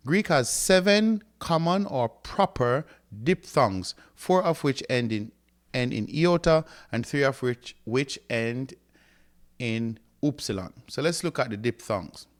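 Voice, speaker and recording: A man teaching a language lesson, sounding words out and often checking in with "right?". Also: medium pitch. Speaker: Greek teacher. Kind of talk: classroom lecture.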